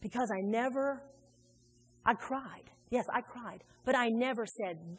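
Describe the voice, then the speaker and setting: A woman's voice: a little high, unhurried, breathy edge. A woman preaching a sermon in a church, emphatic, acting out the people she quotes. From Indiana. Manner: emphatic, acts out quoted voices. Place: church sanctuary. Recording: long hall reverb.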